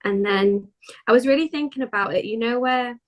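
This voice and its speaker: Relaxed British woman explaining ideas. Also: a little high, moderate pace, dull audio. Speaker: podcast guest. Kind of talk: casual chat.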